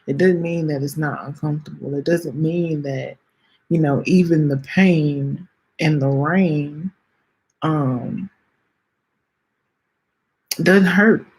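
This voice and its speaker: Near tears, a woman in her late twenties hosts her podcast with a slow, sincere personal reflection, talking straight to the audience as y'all. Her husky, slightly breathy voice sits low, a little mellow, with fairly even intonation. She keeps stopping, starting over and repeating phrases.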